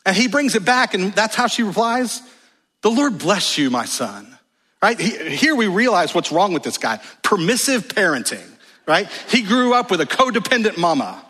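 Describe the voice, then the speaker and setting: A man preaching a sermon as pastor in a church, animated and emphatic, with wry humorous asides. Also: high-pitched, moderate pace, slightly rough. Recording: long reverb of a large hall.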